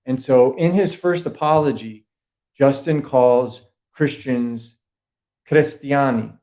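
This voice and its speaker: A man's voice: medium pitch, takes it slowly, warm tone. Profane Boston-accented man lecturing on a call. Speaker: podcast guest. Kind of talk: casual conspiracy-history chat.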